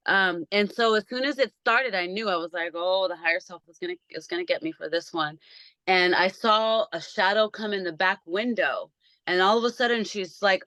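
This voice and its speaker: A quick-talking woman with a medium-pitched voice hosts a laid-back video-call podcast from a backyard shed, and the recording is dry. Her storytelling is animated, complete with impressions of the voices she quotes.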